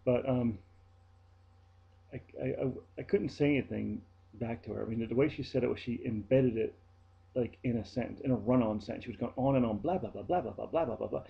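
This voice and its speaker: A man's voice: mid-range voice, brisk, creaky, muffled recording. A man talking casually to his viewers, telling a story in a chatty, blunt way. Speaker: vlogger and flight attendant. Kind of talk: casual vlog monologue.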